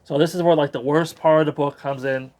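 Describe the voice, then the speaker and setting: Man, book reviewer, casual talk, sarcastic, rambling, slightly higher voice. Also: steady tone, a little fast, darkish tone.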